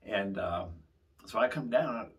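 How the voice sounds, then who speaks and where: A man's voice: lowish voice, animated, unhurried, a bit bright. A man hosting his channel, telling a casual story in a rambling way with frequent fillers. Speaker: channel host.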